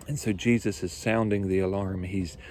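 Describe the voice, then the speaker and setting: A man's voice: low voice, fairly even intonation, moderate pace, warm tone, slight background noise. A male pastor preaching a sermon, earnest and repetitive, building his points with rising emphasis.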